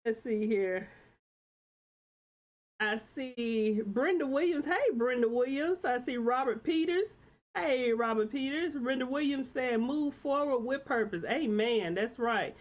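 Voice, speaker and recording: A woman's voice: fairly high pitch, lively intonation, measured pace, highs cut off. A woman hosting her own live-stream talk show, greeting viewers by name and encouraging them in a preacher-like way. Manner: warm encouraging, churchy preacher-like exhortation.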